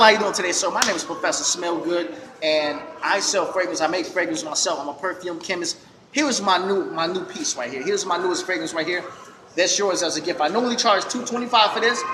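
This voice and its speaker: A man's voice: high voice, reverberant, noisy background. A man giving casual sales advice, repeating his points and checking in with the listener. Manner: repetitive, coaching, checks in with "okay?" and "you follow me?". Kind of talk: casual instructional talk.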